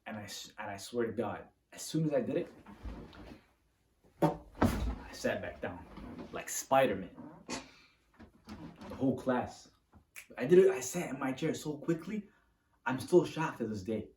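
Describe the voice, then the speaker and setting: A man telling a personal story to the camera in a casual, animated way, acting out the moves as he talks. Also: mid-range voice, a little slow, long pauses, a little hiss or hum. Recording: roomy, from a distance to the mic.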